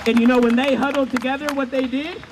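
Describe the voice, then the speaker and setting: A man delivers a fiery rally speech outdoors, hammering his points home with repeated phrases. A loud crowd and street noise fill the background. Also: very high voice, fairly even intonation, fast talker. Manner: fiery, rhetorical, chants with crowd. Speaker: protest speaker.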